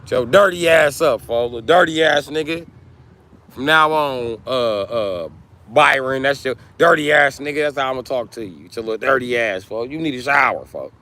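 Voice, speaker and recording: A middle-aged man livestreaming, talking casually to his chat and loudly roasting viewers with heavy profanity. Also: medium pitch, normal speed. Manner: profane, loud trash-talking and roasting of chatters.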